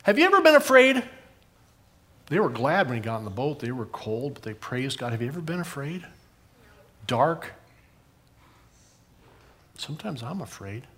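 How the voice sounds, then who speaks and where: Lively older man telling kids a Bible story. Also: medium pitch, normal speed, pauses often. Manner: animated storytelling, asking kids questions. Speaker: pastor giving a children's message. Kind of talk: children's sermon.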